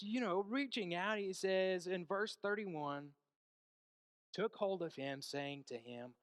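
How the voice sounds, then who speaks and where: A man with a high, smooth voice preaches a sermon slowly, telling a story that moves between hushed passages and emphatic peaks. He puts questions to the congregation, and the recording has no echo.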